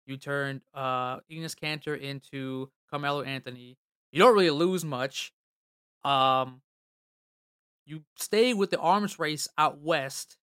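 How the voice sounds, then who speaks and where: A man's voice: a little high, fairly bright tone, smooth, no echo, clean studio sound. A man hosting a casual sports talk show, loose and rambling with many fillers. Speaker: sports podcast host.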